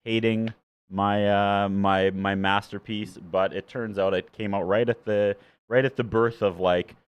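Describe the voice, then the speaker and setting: A man's voice: low voice, clear, resonant tone. A man who is an author and a regular on a podcast, joking dryly and self-deprecatingly in casual chat.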